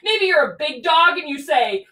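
Lively high-voiced woman teaching kids' yoga. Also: moderate pace. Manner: playful sing-song, talks directly to children. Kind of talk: guiding a children's yoga class. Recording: roomy echo, mic far off.

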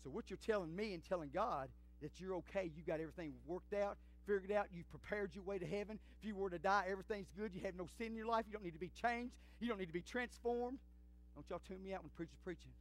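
A middle-aged pastor preaching a sermon in a church, swinging from shouts to near whispers in folksy talk. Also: male voice, high voice, fast. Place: church sanctuary.

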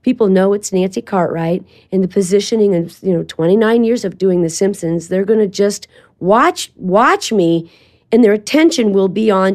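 Animated older woman telling stories. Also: mid-range voice, moderate pace. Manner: animated storytelling with quoted asides. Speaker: guest, voice actress. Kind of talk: casual interview chat.

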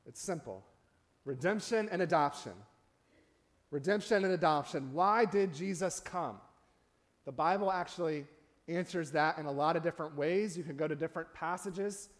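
A man's voice: on the high side, normal speed. A man preaching a sermon in a church, talking conversationally and often checking in with the congregation with asides. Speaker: pastor. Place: church sanctuary.

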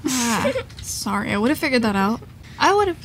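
Casting note: young-sounding woman with a high voice, giggly and jumpy, casual let's-play chatter. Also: big pitch swings, moderate pace. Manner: giggly, easily startled, thinks aloud. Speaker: gamer.

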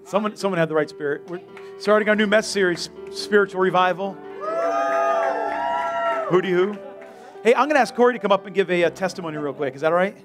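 Joking pastor preaching over soft guitar. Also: male voice, sits high, racing, some chatter behind. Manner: casual, joking, energetic preacher. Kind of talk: sermon. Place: church sanctuary.

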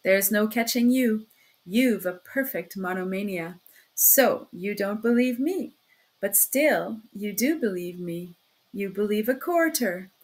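A woman's voice: mid-range voice, expressive, slow. A woman reading aloud as a talkative, sly male criminal investigator who chats in a chummy, insinuating way. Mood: genial, teasing. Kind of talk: audiobook reading.

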